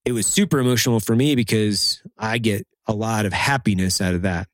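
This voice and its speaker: A man hosting a podcast in casual chat, relaxed and slangy, quick to agree with his guest. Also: fairly low pitch, no echo.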